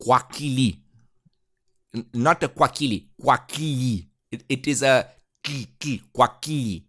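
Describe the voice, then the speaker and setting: A Romanian podcast host playing a boastful man who talks in an exaggerated put-on Kenyan English accent, rambling earnestly with lots of halting fillers. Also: medium pitch, sharp tone. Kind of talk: comedic monologue in character.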